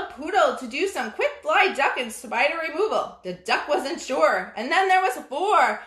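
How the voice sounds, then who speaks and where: A woman's voice: sits high, sing-song, a little slow, few pauses, a bit bright, recorded from a distance. A woman leading a toddler yoga class, reading a storybook aloud and making playful animal sounds. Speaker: yoga instructor. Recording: roomy sound from off the mic.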